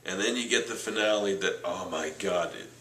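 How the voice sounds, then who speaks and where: A man reviewing a TV series in casual chat, retelling the plot excitedly and saying "like" a lot. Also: deep voice, moderate pace, reverberant, low-quality recording. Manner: chatty, excitable recapping with lots of "like". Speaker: TV show reviewer.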